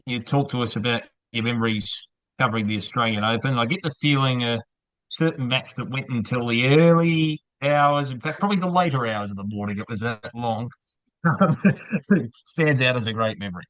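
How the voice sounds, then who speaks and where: A man's voice: medium pitch, moderate pace, a bit bright, no echo, lo-fi sound. A man hosting a podcast, asking questions conversationally. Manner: conversational, brief prompts. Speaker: podcast host. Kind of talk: interviewer.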